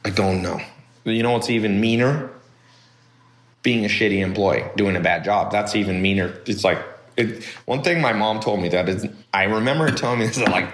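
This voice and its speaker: A man hosting a podcast, talking in a blunt, rambling casual monologue with animated asides. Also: lowish voice, roomy sound. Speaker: podcast host.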